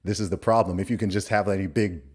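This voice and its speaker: Man, low voice, podcast host, emphatic conversational talk. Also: steady tone, quick pace, darkish tone. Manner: emphatic, repeats himself. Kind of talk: casual conversation.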